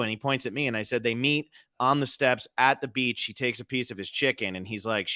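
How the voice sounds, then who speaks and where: Brief: young man, podcast co-host, bright tone, lively storyteller. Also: medium pitch, brisk, hardly any pauses. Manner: animated storyteller, acts out quotes. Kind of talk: casual movie chat.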